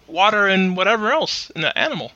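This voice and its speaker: A man in casual podcast chat, animated and quick to laugh, swearing freely. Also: sits high, no room sound, muffled recording.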